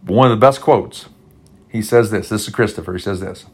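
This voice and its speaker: A male pastor with a fairly low voice delivers a podcast sermon. He speaks from the heart and rambles, restarting his sentences often. He sounds emotional, close to tears. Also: fairly quick, husky.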